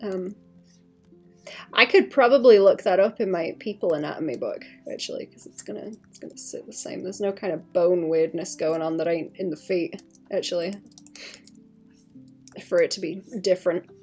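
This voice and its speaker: A woman's voice: lowish voice, moderate pace, a little mellow, faint music behind. A woman artist on a casual livestream, rambling as she thinks aloud about her drawing and adding playful sound effects.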